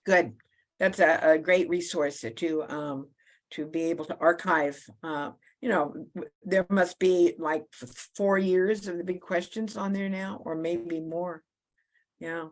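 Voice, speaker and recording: Halting woman moderator, lowish voice. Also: fairly even intonation. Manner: halting, with many fillers and repeated words. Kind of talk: closing remarks on a video call. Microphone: video call.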